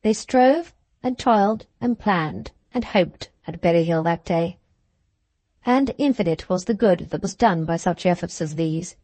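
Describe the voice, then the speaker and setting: A woman's voice: on the low side, animated, unhurried, warm tone, no echo. Woman reading a novel in a dry voice. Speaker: audiobook narrator. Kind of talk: scripted audiobook narration.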